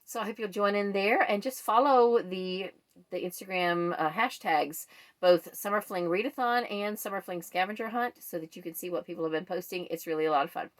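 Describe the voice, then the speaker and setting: A woman's voice: mid-range voice, brisk. A woman book vlogger chatting in a rambling way about the books she read this month. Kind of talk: casual book wrap-up chat.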